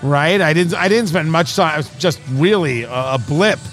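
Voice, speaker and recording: A man with a high, lively voice hosts a casual talk podcast. He jokes, jumps in quickly and talks over his co-host. Soft music plays faintly behind him. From New Jersey, USA. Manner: quick, animated, jokey, talks over others. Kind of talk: casual chat.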